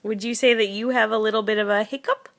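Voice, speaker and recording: A woman's voice: on the high side, fairly even intonation, fast. Coaxing young mother. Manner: coaxing, asks simple questions over and over. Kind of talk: home video chat with a toddler. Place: at home.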